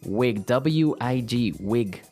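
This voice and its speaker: A man co-hosting an English lesson, explaining words clearly and slowly like a teacher. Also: medium pitch, lively intonation, a little mellow, faint music behind. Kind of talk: language lesson chat.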